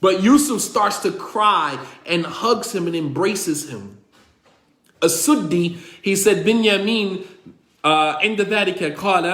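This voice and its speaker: A man with a high voice tells a religious story as a lecture. He retells the dialogue, drops in Arabic quotes and repeats lines for weight. The room around him is echoey. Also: fairly bright tone. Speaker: religious teacher.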